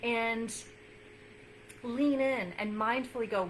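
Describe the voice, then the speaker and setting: Encouraging woman nutrition coach, slightly high. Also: unhurried, fairly bright tone, slight background noise, rough recording. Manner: earnest, encouraging, many fillers; repeats phrases for emphasis. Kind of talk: casual talk to camera.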